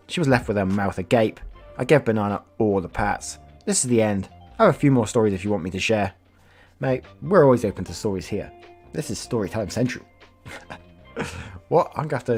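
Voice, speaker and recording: A man's voice: lowish voice, darkish tone, breathy edge. A man reading online stories aloud as a YouTuber, casual, swearing, breaking off to react and comment. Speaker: storytelling YouTuber.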